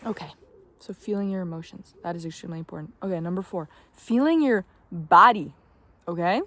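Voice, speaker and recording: A woman's voice: fairly low pitch, fairly quick, fairly bright tone. A young woman giving casual, emphatic self-help advice, swearing freely, dropping at times to a whisper and often checking in with "okay?". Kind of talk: casual motivational talk to camera.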